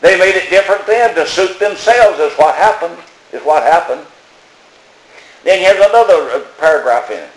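An older man gives a folksy sermon with a slightly high voice and plain, repetitive phrasing. He preaches in a room with a lot of echo. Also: animated, moderate pace. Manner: plainspoken, storytelling, repeats phrases. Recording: echoey room.

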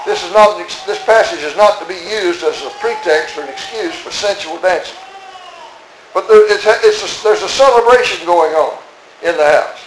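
A man preaching an expository sermon in a church, emphatic, asking rhetorical questions and swinging between soft asides and raised outbursts. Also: high-pitched, moderate pace, a little hiss or hum. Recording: roomy echo.

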